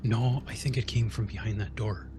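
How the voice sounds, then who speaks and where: A man's voice: lowish voice, steady tone, normal speed. A man chatting casually as a player in a tabletop game, easygoing.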